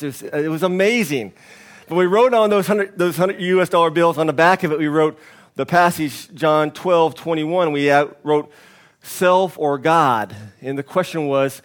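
A male preacher delivers his sermon with a fairly high-pitched voice. He talks frankly, breaks into humorous asides, and tells a story to make his point. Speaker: pastor.

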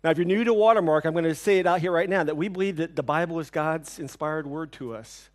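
A man preaching a sermon, telling a personal story with lively, animated delivery that drops to hushed, somber tones. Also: a little high, quick pace. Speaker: pastor.

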